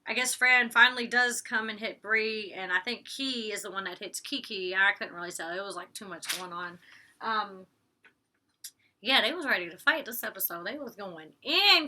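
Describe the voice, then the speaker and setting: A woman's voice: medium pitch, moderate pace, pushed and bright. A young woman recapping a reality show in casual, slangy chat, acting out what the cast said. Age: young adult. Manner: chatty, slangy, acts out quotes with laughs. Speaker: vlogger reviewing a reality show.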